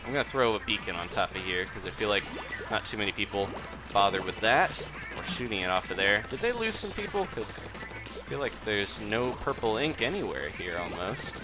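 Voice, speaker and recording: A man giving chatty live commentary while playing a game, laughing often and reading viewer messages aloud. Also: on the low side. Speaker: game streamer. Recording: game music behind voice. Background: game music.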